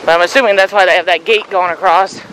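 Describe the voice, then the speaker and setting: A man's voice: high voice, steady tone, fast talker, bright, forceful tone, a little hiss or hum, poor audio. A man hosting a casual vlog outdoors on a nature trail, easygoing and chuckling often between fillers. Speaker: vlogger.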